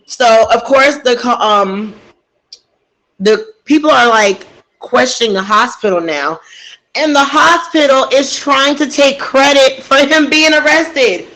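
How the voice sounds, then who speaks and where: A woman tells a true crime story casually into a desk microphone, growing emotional and outraged as she talks directly to her listeners. Her voice is high, slow and slightly bright, and the audio quality is poor.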